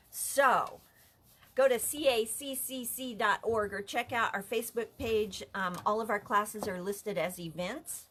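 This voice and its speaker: A woman's voice: medium pitch, a bit bright. A woman leading a live craft lesson from an art center office, chatty and easily amused. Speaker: art instructor.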